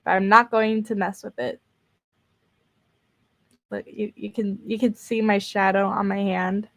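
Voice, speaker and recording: A woman's voice: medium pitch, level tone, unhurried. A young woman streaming casually from her bedroom, tired and rambling, repeating words and laughing between fillers. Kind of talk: casual live-stream chat. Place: bedroom at home.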